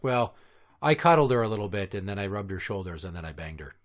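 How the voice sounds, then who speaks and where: A man's voice: fairly low pitch, very animated, fast talker. A man in his thirties hosting a comedy podcast, telling crude stories in long, profane, rambling run-on rants. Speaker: podcast host.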